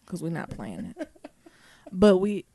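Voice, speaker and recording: A woman co-hosting a casual podcast chat, animated, laughing often and singing snatches of songs. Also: lowish voice, slow, dry recording. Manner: animated, laughing, breaks into song. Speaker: podcast co-host.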